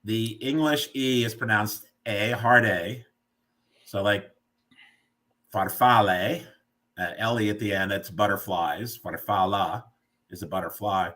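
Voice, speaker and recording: A man's voice: fairly low pitch, fairly even intonation, measured pace, fairly bright tone. A man hosting a casual live video chat who playfully explains food words like a teacher. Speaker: host. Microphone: video call.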